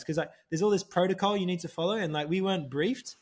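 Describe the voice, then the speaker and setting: Animated man telling stories. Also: on the high side, fast, few pauses. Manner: animated storytelling, swears freely, says "mate" a lot. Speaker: podcast co-host. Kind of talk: casual chat.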